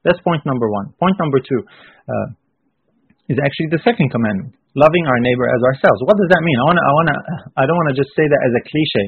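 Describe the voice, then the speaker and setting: A man preaching a sermon emphatically, repeating phrases and rising into forceful bursts. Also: mid-range voice, lively intonation, fast, no echo. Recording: husky voice on a tinny phone-like line.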